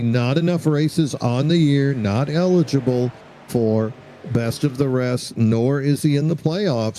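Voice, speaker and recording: A man's voice: mid-range voice, mellow, a little hiss or hum, low-quality recording. A man doing play-by-play commentary on a sim racing broadcast, joking and bantering with his co-host.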